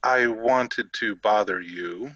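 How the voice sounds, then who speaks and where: A man's voice: lowish voice, slow, bright, forceful tone, dry recording, lo-fi sound. A man playing his character in a tabletop role-playing game, speaking in a hesitant, polite way. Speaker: player.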